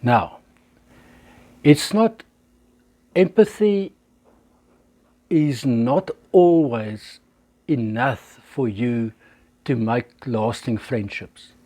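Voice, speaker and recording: A man's voice: medium pitch, expressive, drawn-out words, long pauses, mellow. A man, teaching social skills in a talk to camera and acting out little example dialogues. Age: 60s. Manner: illustrates with acted examples. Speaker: life coach.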